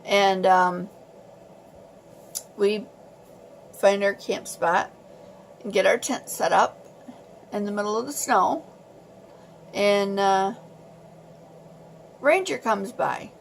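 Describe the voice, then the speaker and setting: A woman vlogger telling a story in a casual, animated and exasperated way. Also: medium pitch, slow pace, gravelly, long pauses, a little hiss or hum.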